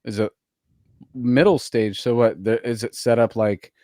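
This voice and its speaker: A man's voice: mid-range voice, steady tone, measured pace, a little mellow, dry recording. Tipsy podcast guy, laughs a lot, dry close mic, keeps saying dude. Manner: laid-back, laughing, says "dude" a lot. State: tipsy from drinking. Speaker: podcast host. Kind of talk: casual chat.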